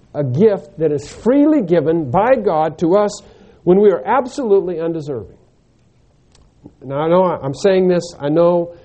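Male preacher, expository sermon, mellow tone, deliberate emphatic delivery with rhetorical questions. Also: on the high side.

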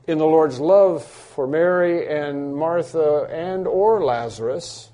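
A man's voice: on the high side, dark tone. A man preaching a sermon, who acts out the cries and pleas of the people he quotes with rising intensity. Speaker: pastor.

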